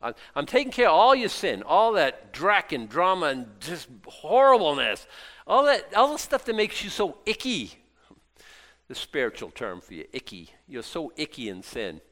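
A man preaching a sermon as a pastor, folksy and jokey, dropping to quiet asides and then rising to loud, excited exclaims. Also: normal speed. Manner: animated, swinging from low asides to loud exclaims; folksy, jokey Bible teaching.

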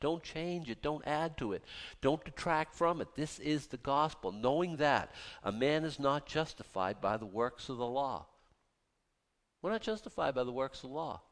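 A man's voice: mid-range voice, expressive, moderate pace, in a large hall. A man preaching a sermon with passion and zeal, mixing in mocking asides. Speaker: pastor.

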